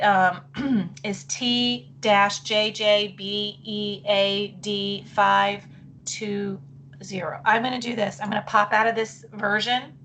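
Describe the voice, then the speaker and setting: A woman's voice: mid-range voice, fairly bright tone, slight background noise. Woman presenting a teacher webinar. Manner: chatty, apologetic, thinking aloud while clicking. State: voice wavering, clearing throat.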